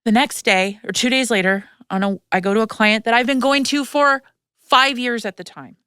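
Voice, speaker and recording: A woman's voice: a little high, moderate pace, pushed and bright, clean tone, no room sound, clean studio sound. A woman hosting a podcast, telling a personal story frankly and emotionally, swearing freely and using lots of fillers. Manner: emotional, tearful retelling. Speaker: podcast host. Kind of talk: candid personal storytelling chat.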